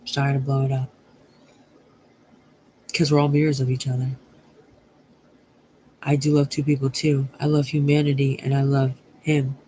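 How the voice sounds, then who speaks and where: A woman's voice: a bass voice, little pitch movement, normal speed, pauses often, mellow, a little hiss or hum, low-quality recording. A woman giving a channeled astrology reading to her viewers. She rambles, swears freely and often stops to correct her own words. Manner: rambling, profane, self-correcting. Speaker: astrology and tarot reader.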